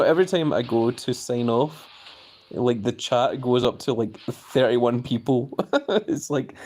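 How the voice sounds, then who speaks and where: A man's voice: mid-range voice, a little mellow. Speelse man die chatberichten voorleest. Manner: reads viewer comments aloud and reacts with playful bafflement; jokingly formal, refers to himself in the third person. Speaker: live streamer reading chat. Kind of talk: casual live-stream chat.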